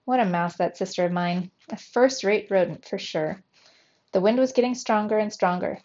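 A woman's voice: mid-range voice, normal speed, a little hiss or hum. Woman reading a children's story aloud. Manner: lively, voices the dialogue with raised energy. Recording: slightly dull, lo-fi sound.

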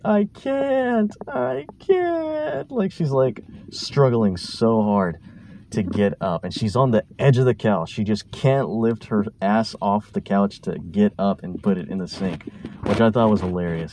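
A man's voice: on the low side, normal speed, warm tone, a little hiss or hum. A man hosting a podcast, telling a story casually and rambling, with stutters and restarts. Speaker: podcast host.

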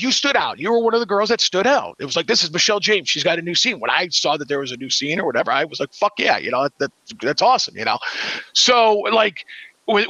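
A man's voice: high-pitched, bright, forceful tone, no room sound. A man from Cleveland co-hosting a casual chat, blunt and profane, often stammering as he restarts his sentences. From Cleveland, USA. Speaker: podcast co-host.

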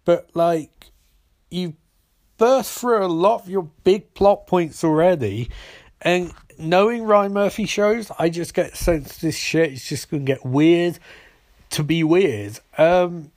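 A man's voice: high voice, slow, a little mellow. A man casually recapping and reviewing a TV episode, rambling and swearing freely, with plenty of fillers. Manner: profane, rambling, lots of fillers.

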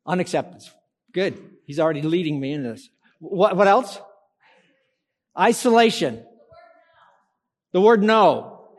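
Male pastor preaching, kinda high voice, pulls the crowd in with questions, big church reverb. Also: animated, a little slow, pauses often. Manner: interactive, asks congregation to call out answers. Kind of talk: sermon. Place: church hall. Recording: long church hall reverb.

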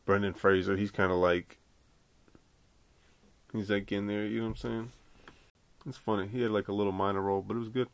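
A man's voice: on the low side, fairly even intonation, brisk, long pauses, no echo. A man hosting a podcast on his own, talking in a loose, rambling way and swearing freely. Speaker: podcast host. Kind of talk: casual solo podcast chat.

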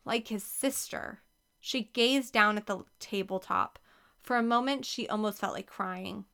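A woman reading a children's novel aloud as narrator, expressive and clear. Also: mid-range voice, a little slow. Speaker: audiobook reader.

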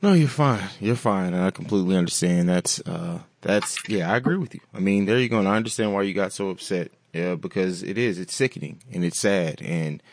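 A man's voice: low voice, brisk, few pauses. A man co-hosting a podcast, speaking earnestly and with emphasis. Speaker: podcast co-host. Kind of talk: casual podcast talk.

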